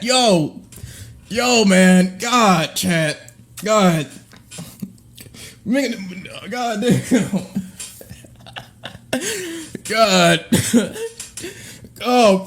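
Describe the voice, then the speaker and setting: A man livestreaming a reaction, laughing helplessly, repeating himself and calling out to his chat. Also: high-pitched. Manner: addresses chat directly. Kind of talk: live stream reaction.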